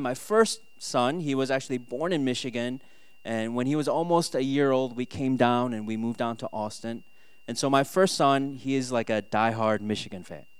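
A man from Minnesota, a pastor in his thirties, giving a sermon with animated storytelling and rhetorical questions. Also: mid-range voice, smooth, no echo.

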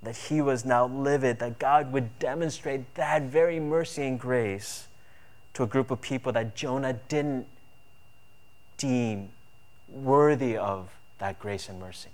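A man's voice: mid-range voice, measured pace. A man preaching a sermon earnestly, with emphatic build-ups on key points. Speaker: pastor.

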